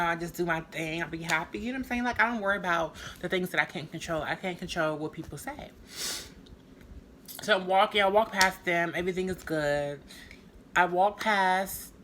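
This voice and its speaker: A woman telling a personal story to camera in a rambling, halting way, full of fillers. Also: on the low side, fairly bright tone, a little hiss or hum. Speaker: storytime vlogger.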